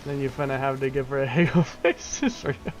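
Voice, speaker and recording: A man's voice: medium pitch, fairly quick. Joking, foul-mouthed young gaming streamer man. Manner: joking, swearing, teasing back at chat. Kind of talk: casual profane gameplay commentary.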